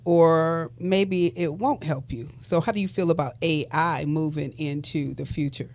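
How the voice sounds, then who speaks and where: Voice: medium pitch, fairly even intonation, moderate pace, a little mellow. Host asking long winding questions. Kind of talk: casual interview questions.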